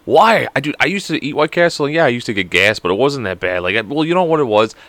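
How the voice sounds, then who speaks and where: A man's voice: medium pitch, sing-song, fast talker, a bit bright, no echo. Crude, rambling young man podcasting. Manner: crude, rambling, joking, swears a lot. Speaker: podcast host. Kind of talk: casual solo podcast chat.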